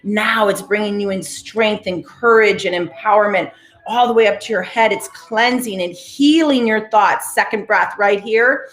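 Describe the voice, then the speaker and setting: A woman's voice: mid-range voice, moderate pace, fairly bright tone, echoey room, low-quality recording. A woman coach leading a live group through guided breathing and spoken affirmations, with a commanding, motivational delivery. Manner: motivational, commanding, repeats cues. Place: live-streamed session in a roomy space.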